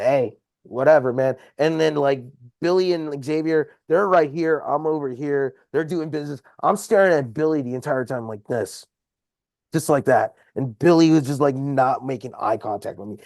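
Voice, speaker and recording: A man's voice: a little high, moderate pace, darkish tone, no room sound. Podcast guest, male, heated and profane storyteller, dry close-miked sound. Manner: profane, heated retelling of a confrontation. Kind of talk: casual storytelling. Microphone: podcast microphone.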